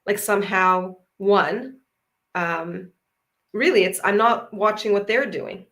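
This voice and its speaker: A woman's voice: mid-range voice, slow pace, fairly bright tone. A woman psychologist and parenting coach talking earnestly on a video call, often repeating short affirming phrases. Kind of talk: conversational discussion.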